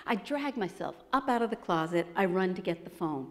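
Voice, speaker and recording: A woman giving a storytelling talk to an audience, animated and acting out the voices of the people she quotes. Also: fairly low pitch, a little fast. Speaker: speaker presenting her book. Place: expo presentation hall. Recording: long hall reverb.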